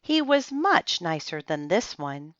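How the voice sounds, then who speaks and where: A woman doing a hushed, whispering small boy. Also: on the low side, very animated, slow pace, no room sound, muffled recording, full character voice.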